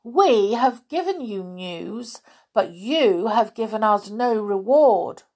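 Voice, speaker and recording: A woman voicing an angry crowd of little market folk shouting demands. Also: mid-range voice, animated, takes it slowly, voice pushed up. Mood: demanding.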